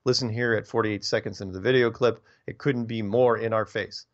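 Low-voiced guy doing a casual radio show, rambly, repeats himself a lot, muffled lo-fi sound. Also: steady tone, a little fast. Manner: rambling, stumbles and repeats words. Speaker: radio show host reading listener emails.

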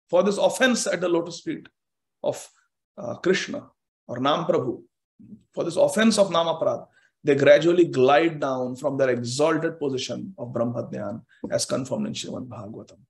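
A man with a fairly high voice teaching from scripture in an online class. He speaks emphatically and repeats phrases three times to drive a point home. Now and then he chants Sanskrit verses. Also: normal speed.

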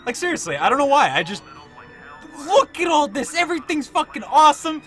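A young man doing let's-play commentary, excitable and swearing, shouting at the game. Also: extremely high pitch, a little fast. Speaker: gaming YouTuber. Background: game sound and music.

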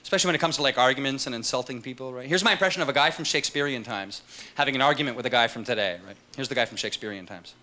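A man's voice: mid-range voice, very fast, noisy background. A man doing a stand-up comedy set on a live stage, in a loose, joking manner with rhetorical asides. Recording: live stage mic with loud crowd laughter.

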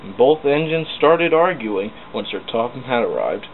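A man's voice: mid-range voice, lively intonation, normal speed. Man narrating over a tinny, hissy line. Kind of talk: homemade storytelling narration. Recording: tinny lo-fi with hiss.

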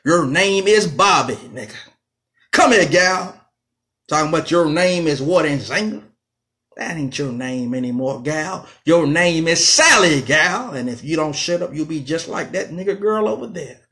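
A man voicing a cruel, menacing male slave overseer who jeers and taunts slowly. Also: on the high side, lively intonation, bright, forceful tone, heavily acted. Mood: taunting. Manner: taunting, jeering, slow and mocking.

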